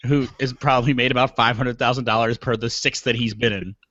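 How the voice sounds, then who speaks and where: A man's voice: mid-range voice, fairly even intonation, fairly quick, fairly bright tone, no echo. A man co-hosting a podcast in casual chat, talking in a dry, matter-of-fact way. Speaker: podcast co-host. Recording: dull lo-fi dry sound.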